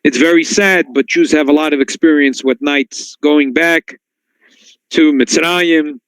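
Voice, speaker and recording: Rabbi guy giving a torah talk, kinda high voice, dry close sound, jumps way up when he quotes stuff. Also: measured pace, smooth, no room sound, rough recording. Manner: storytelling, swings to high excited tones when quoting. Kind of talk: Torah class sermon. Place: synagogue.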